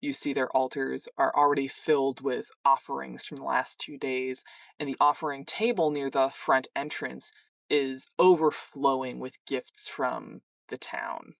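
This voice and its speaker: A game master slowly narrating a tabletop campaign scene in a descriptive voice. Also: mid-range voice, fairly even intonation, gravelly, fairly bright tone, no echo, far from the mic.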